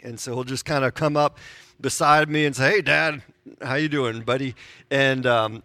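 A man's voice: medium pitch, sharp tone, no echo. A man in his forties preaching a sermon, conversational and self-deprecating, asking the congregation questions. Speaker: pastor.

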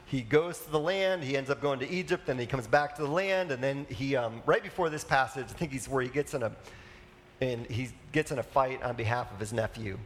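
A man's voice: mid-range voice, a little fast, fairly bright tone, a little hiss or hum. A man preaching a conversational sermon as a pastor, casual and chatty, with asides and fillers.

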